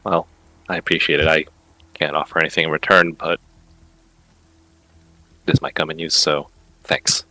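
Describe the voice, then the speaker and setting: Very deep-voiced man playing a tabletop game. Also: flat delivery, moderate pace, pauses often, sharp tone, no echo, soft background music, rough recording. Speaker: player. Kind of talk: in-character role-play.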